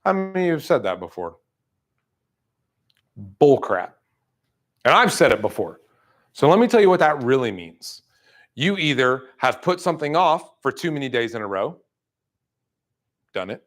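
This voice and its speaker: A man giving a motivational sales talk to a room, blunt and fired up, acting out people's excuses in quick asides. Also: fairly high pitch. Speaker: roofing sales trainer. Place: room with an audience.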